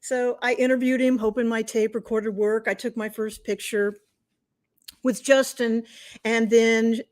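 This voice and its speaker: A middle-aged woman hosts a live stream from home, talking into her webcam. She tells her story in a chatty, animated way, with a voice pitched a little high. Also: measured pace. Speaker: host.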